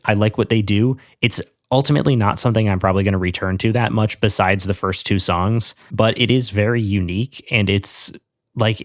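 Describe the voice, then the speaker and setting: Low, wry young man on dry mic. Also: no room sound. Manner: wry, deliberate, joking asides. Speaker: podcast co-host. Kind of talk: casual chat.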